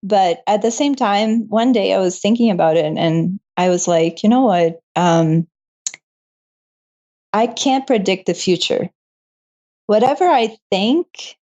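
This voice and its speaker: A woman's voice: mid-range voice, expressive, unhurried, warm tone, highs cut off. A young woman, a medical student, telling her story in a casual interview, emotional and laughing often.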